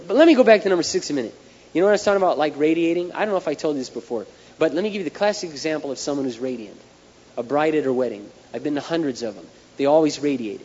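A male pastor preaching a sermon, telling lively stories and counting off numbered points. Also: fairly high pitch. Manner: animated storytelling, numbered points. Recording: dull echoey hall recording, faint hiss.

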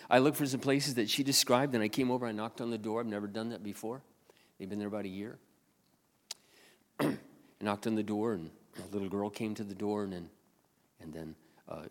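A man pastor telling a story in a sermon, often clearing his throat as he retells conversations. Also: on the low side, a little fast. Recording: long hall reverb.

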